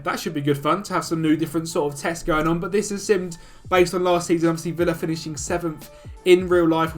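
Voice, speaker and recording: Male video host, casual commentary, chatty and upbeat, slightly high voice. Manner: chatty, upbeat, talks fast through stats. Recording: faint music behind.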